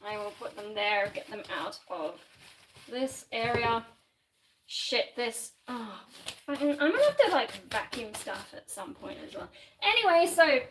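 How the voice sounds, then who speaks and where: A woman's voice: fairly high pitch, background noise. An Australian woman in her twenties or thirties chatting casually on a live stream at home while she cleans, rambling and poking fun at herself. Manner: rambling, self-deprecating, swears and laughs mid-sentence. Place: home room with shelves, indoors.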